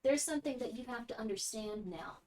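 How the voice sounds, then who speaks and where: Gushing woman streamer, half-whispered excitement. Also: a little high, a little fast. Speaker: VTuber streamer. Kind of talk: casual unboxing chat on a live stream.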